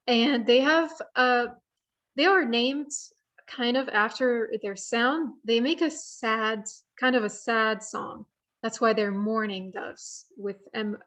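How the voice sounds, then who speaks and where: A young woman presenting an online bird identification workshop, speaking a little higher than most women. She explains things in a friendly way with plenty of fillers, heard through a computer mic on a video call. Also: fairly bright tone.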